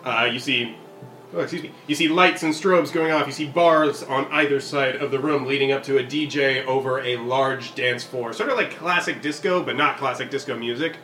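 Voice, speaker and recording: A man's voice: medium pitch, moderate pace, pushed and bright, echoey room, faint music behind. A man narrating a tabletop game as game master, loose and rambling in his descriptions.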